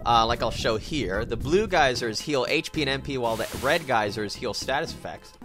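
A man's voice: medium pitch, lively intonation, normal speed, fairly bright tone. A young man hosting a let's play, explaining game mechanics in a joking way and laughing often. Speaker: let's play host and narrator. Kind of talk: casual game commentary. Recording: game music behind.

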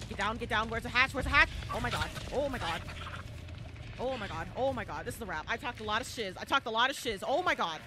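Excitable high-voiced woman streamer. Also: fast talker, noisy background. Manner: excitable, bursts into shouting and squeals. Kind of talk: live gameplay commentary.

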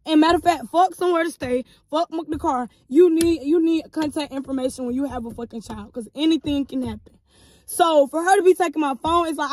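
A young woman in her twenties telling a story to her viewers in a casual, animated and profane vlog style, calling them y'all. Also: high-pitched. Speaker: vlogger.

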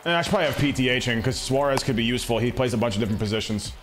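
A young man streaming a baseball video game, reacting in excitable, slangy commentary that swings between loud hype and low muttering. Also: racing, music in the background. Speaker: gaming streamer. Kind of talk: live gameplay commentary.

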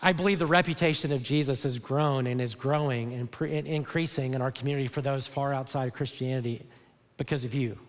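A pastor preaching a sermon in earnest, repeating and restarting words, then rising into emphatic bursts. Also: male voice, mid-range voice, fairly even intonation, fairly quick. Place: large church auditorium. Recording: long hall reverb.

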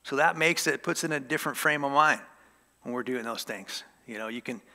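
A man's voice: medium pitch, fairly quick, pushed and bright, big-room sound. A man preaching a casual sermon as a pastor, conversational and joking with the congregation. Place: church sanctuary.

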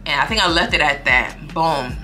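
A young woman tells a story to her followers in a loose, slangy, profane way and acts out what others said. Her voice sits fairly low but sounds bright and forceful. Faint music plays quietly under her talk. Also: normal speed. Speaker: vlogger telling a story. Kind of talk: casual storytime vlog.

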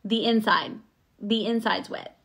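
A woman's voice: medium pitch, fairly even intonation, measured pace, fairly bright tone. A middle-aged woman, chatting casually and laughing at herself as she crafts at her table at home. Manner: chatty, self-mocking, exclaims often. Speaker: craft vlogger. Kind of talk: casual live craft chat.

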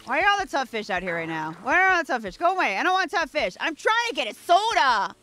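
A playful woman streamer chats casually as she plays, often talking straight to the game's characters and laughing at her own slips. Her voice is bright and a little high, and soft music plays behind her. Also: very animated, fast talker. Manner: playful, giggly, talks to the game characters. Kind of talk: casual gameplay commentary. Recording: faint background music.

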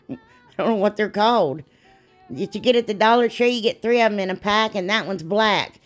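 A woman's voice: mid-range voice, moderate pace, faint music behind. A woman, chatting casually and rambling a little as she narrates a DIY craft video. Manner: chatty, rambling, laughs at herself.

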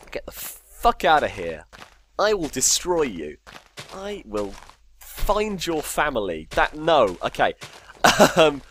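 A man's voice: mid-range voice, fairly bright tone. A man casually commentating his Minecraft game, joking, swearing and talking to himself. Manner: swears a lot, jokey, talks to himself. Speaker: gamer.

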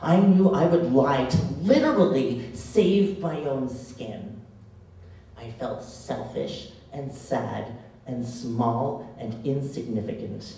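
A man performing spoken word poetry on a live stage, dramatic and rhythmic with long pauses. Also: medium pitch, creaky, dark tone. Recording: echoey hall, distant mic.

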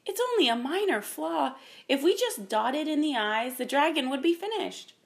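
A woman voicing a kind court servant in a storybook reading, soft and reassuring, pitched higher than her own voice. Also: big pitch swings, moderate pace, gravelly, heavily acted.

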